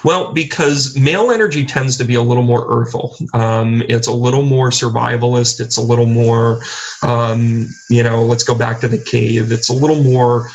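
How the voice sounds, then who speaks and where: A man's voice: mid-range voice, fairly even intonation, normal speed, muffled recording. Rambling middle-aged man on a talk show. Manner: rambling, many restarts and fillers. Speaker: guest. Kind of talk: casual interview talk.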